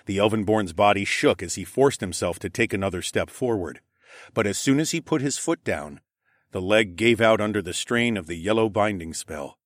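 A man narrating a fantasy story in the first person with dramatic, expressive reading. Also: lowish voice, normal speed, no echo, clean studio sound.

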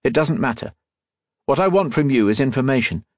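A man voicing a calm, menacing impostor with a pistol, hoarse and clipped, a little higher than his own voice. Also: fairly quick, dry recording, studio quality, natural voice. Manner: clipped, even, threatening.

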